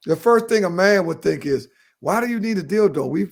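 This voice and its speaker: Fifty-something guy on a podcast, high raspy voice, loud storyteller, cussing and laughing a lot. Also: fairly quick. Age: 50s. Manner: animated storyteller, swearing and laughing. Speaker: podcast co-host. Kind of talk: casual chat.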